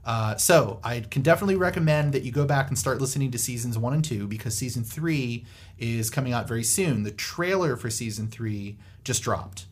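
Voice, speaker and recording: A rambling man chatting on a podcast. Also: medium pitch. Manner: rambling, many fillers and restarts. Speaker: podcast co-host. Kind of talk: casual panel chat.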